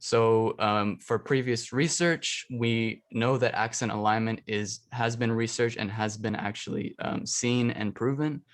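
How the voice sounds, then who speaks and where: A man's voice: medium pitch, steady tone, a little slow, hardly any pauses. A young man, an undergraduate, giving an academic research presentation, explaining carefully and restating his points. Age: young adult. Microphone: computer mic for an online presentation.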